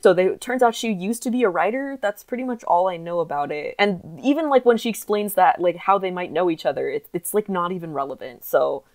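Young woman, co-host, lively swooping pitch, giggly, self-mocking. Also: a little fast, few pauses. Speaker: podcast co-host. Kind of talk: casual chat, reading her own old story aloud.

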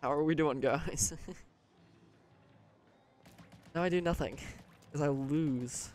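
A young man streaming a video game, chatting casually, cursing often and swinging from loud outbursts to quiet mumbling. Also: fairly high pitch, moderate pace. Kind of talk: casual gaming livestream chatter.

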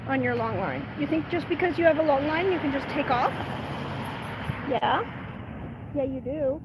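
A woman with a notably high voice chats casually on a home livestream and coos at her puppy in a sing-song tone. The audio is noisy, picked up by a camera she carries as she walks indoors and out. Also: lively intonation, moderate pace. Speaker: livestream host. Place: at home, moving indoors and out to the garden.

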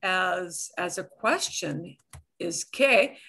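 A woman's voice: on the low side, lively intonation, very slow, bright, forceful tone, slightly rough. A woman teaching a beginner language class, explaining with lots of examples and repetition. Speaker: Spanish teacher. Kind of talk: live online language class.

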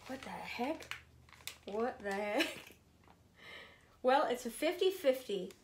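Woman vlogger, emotional and gushing, slow unhurried talk, slightly high voice, faint hiss behind. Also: expressive. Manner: slow, drawn-out delivery. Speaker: vlogger unboxing gifts. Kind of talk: casual chat to camera.

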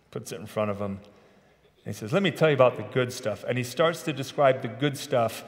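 A middle-aged man, a pastor, preaching a sermon in a conversational way with self-deprecating humor, in a large church sanctuary. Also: lowish voice. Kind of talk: sermon with personal stories. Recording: long reverb of a church hall.

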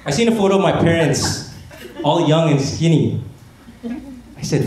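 A man performing a stand-up comedy set on a gala stage, telling stories in a deadpan way and mimicking family members' voices. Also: fairly high pitch, normal speed. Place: gala stage before a laughing audience. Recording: echoey hall with audience noise.

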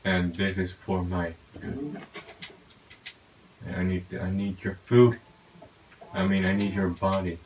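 A man giving casual gameplay commentary, talking to himself with excitable outbursts. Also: sits low, slow, pauses often, slight background noise, low-quality recording. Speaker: gaming YouTuber.

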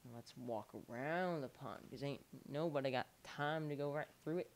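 In a let's play, a young gamer with a medium-pitched voice and moderate pace offers playful commentary. He coaxes an animal along, repeating encouragement over and over as though talking to a pet.

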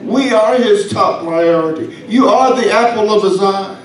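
A man's voice: sits high, measured pace, very echoey, recorded from a distance, rough recording. A man preaching a sermon as pastor, folksy and humorous, with asides to the congregation. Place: church sanctuary.

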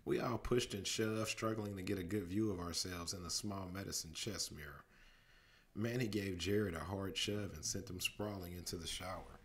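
A man reading a storybook aloud as a bedtime story, steady narration broken by lively voices for the characters. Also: deep voice, moderate pace.

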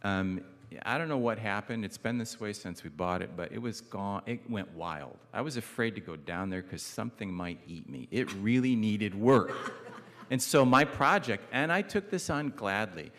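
A man delivers a conversational sermon from a church pulpit, his voice a little low. Long reverb from the sanctuary trails his words as he mixes gentle jokes with earnest points, falling soft and low on key phrases. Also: lively intonation, moderate pace. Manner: conversational preaching with self-deprecating humor. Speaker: guest pastor.

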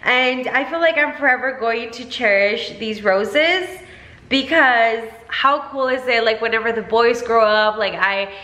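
A woman's voice: on the high side, unhurried, sharp tone. A young woman vlogging about her family in casual chat, with a stuffy nose and lots of "like" and "guys".

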